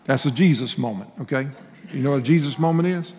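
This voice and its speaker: A man's voice: medium pitch, quick pace, a little mellow, in a large hall, faint music behind. A male pastor giving a sermon in a folksy, conversational way, telling personal stories with restarts and laughing asides.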